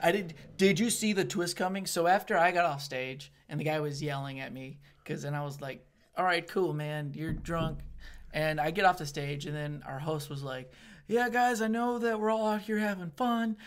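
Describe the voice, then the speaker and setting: Young man, stand-up comic, casual chat, animated storyteller, swearing. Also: on the high side, moderate pace. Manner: animated storyteller, acts out hecklers. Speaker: stand-up comedian.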